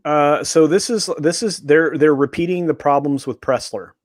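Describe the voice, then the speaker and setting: Halting man explaining on a stream. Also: on the high side, no room sound, studio quality. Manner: halting, explanatory, many restarts. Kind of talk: casual commentary.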